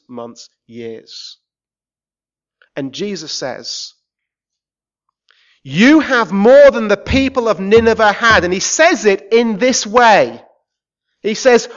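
An English man preaching a sermon in a church, swinging between shouted rants and quiet pleading. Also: high voice, lo-fi sound. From England. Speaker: visiting preacher.

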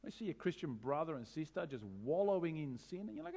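Male preacher, sermon, animated, questioning, wry humor. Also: a little high, quick pace, few pauses, husky. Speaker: pastor.

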